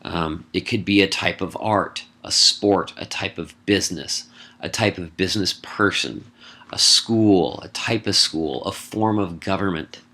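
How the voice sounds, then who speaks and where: A middle-aged man, a college English instructor, speaks in a low voice with a bright, forceful tone. In this recorded lecture, he casually explains an essay assignment, listing points briskly and tossing in wry asides.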